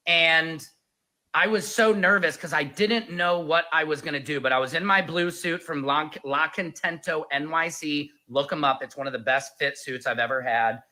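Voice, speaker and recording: A man's voice: fairly high pitch, normal speed, bright, forceful tone, low-quality recording. A man telling a story in a casual, jokey vlog and calling his viewers Patriots. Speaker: online commentator.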